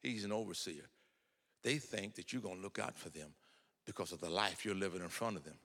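A man's voice: low voice, fairly quick, bright, forceful tone, in a large hall. An older man telling folksy, humorous family stories in a sermon, acting out the dialogue. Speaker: preacher. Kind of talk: storytelling sermon.

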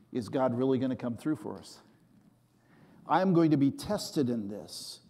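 A man's voice: a little high, a little mellow, big-room sound. A man in his seventies, a pastor preaching a sermon and acting out the voices in his stories. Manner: storytelling preacher, acts out quoted voices.

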